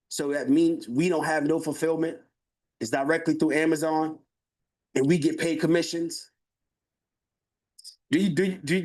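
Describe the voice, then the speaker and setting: A man with a fairly high voice runs a live webinar sales pitch. He gets hyped as he goes, calls out to the people in the chat, and repeats his phrases to drive a point home. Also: a little mellow. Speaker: webinar presenter.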